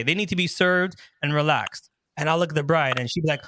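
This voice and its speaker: A man guest who works as a wedding MC and DJ, chatting animatedly in an interview, a bit hoarse from earlier yelling, acting out his own stories and laughing often. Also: fairly high pitch, quick pace, few pauses, slight background noise. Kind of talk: enthusiastic interview chat.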